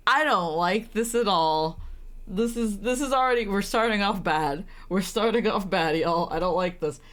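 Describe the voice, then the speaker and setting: Animated young woman reacting to a game. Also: mid-range voice. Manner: animated, laughs often, flustered reactions. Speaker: streamer. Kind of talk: live game commentary.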